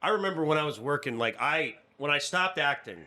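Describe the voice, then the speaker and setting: A man talks loosely on a podcast, rambling and swearing, with lots of restarts. His pitch swings a lot, and his tone is bright. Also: lively intonation, brisk. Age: 30s. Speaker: podcast host. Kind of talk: casual chat.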